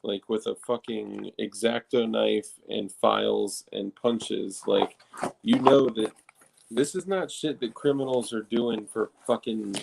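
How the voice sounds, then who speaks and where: A man's voice: lowish voice, fairly even intonation, slow, gravelly, background noise. A man co-hosting a casual podcast, talking in a rambling, restart-filled way with frequent swearing. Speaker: podcast co-host. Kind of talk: casual chat.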